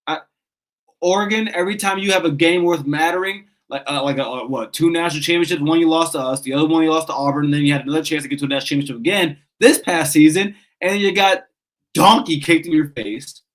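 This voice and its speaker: A man in his thirties hosts a casual sports call-in show, ranting passionately, swearing and restarting his sentences. His voice is a little high and fast with fairly even intonation, in a rough recording.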